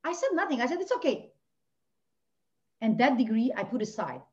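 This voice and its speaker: A woman from Lebanon, a podcast guest telling her personal story with passion, swinging between hushed and near-shouting. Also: a little high, big pitch swings, normal speed. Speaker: podcast guest, life coach. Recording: dull lo-fi audio.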